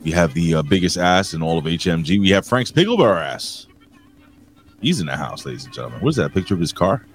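A man's voice: low voice, expressive, fairly quick, soft background music. A man co-hosting a wrestling talk show, rambling and cursing while joking around. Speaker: wrestling podcast co-host. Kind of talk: casual chat.

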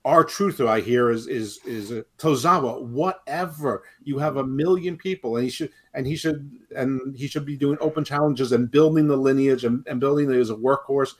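A man's voice: mid-range voice, normal speed, few pauses, husky. Rambling, critical man on a podcast. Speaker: podcast co-host. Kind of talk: casual wrestling talk.

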